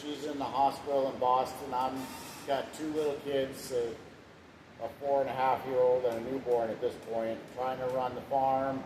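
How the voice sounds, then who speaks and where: A man's voice: medium pitch, level tone, moderate pace. Plainspoken man telling his story, echoey room. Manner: rambling, plainspoken, swears now and then. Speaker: husband sharing his testimony. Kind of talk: casual storytelling. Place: room at home. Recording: echoey room with background hiss.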